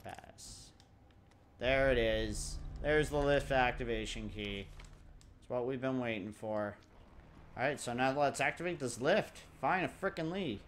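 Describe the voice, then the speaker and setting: A man's voice: mid-range voice, a little slow, slight background noise. A man doing casual gameplay commentary, joking, swearing and laughing at the game as he plays. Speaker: let's play commentator.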